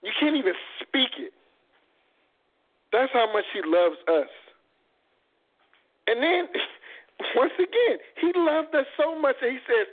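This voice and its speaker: A man's voice: very high voice, animated, slow pace, long pauses. A man co-hosting a faith talk show, speaking fervently with repeated stammering restarts. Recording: phone-like lo-fi audio.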